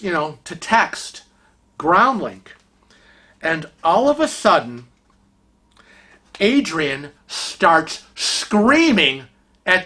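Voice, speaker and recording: A vlogger telling a story in a casual, animated and indignant way, often restarting sentences. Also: mid-range voice.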